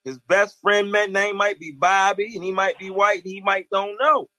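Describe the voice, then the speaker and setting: A man's voice: high voice, fairly even intonation, moderate pace, pushed and bright, rough recording. A man hosting a casual interview, asking questions in a slangy, supportive way. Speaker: interview host.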